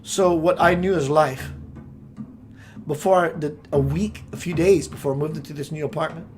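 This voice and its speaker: A man's voice: fairly high pitch, moderate pace, darkish tone, soft background music. A man giving a meandering spiritual talk, musing aloud and searching for words as he goes. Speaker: spiritual teacher.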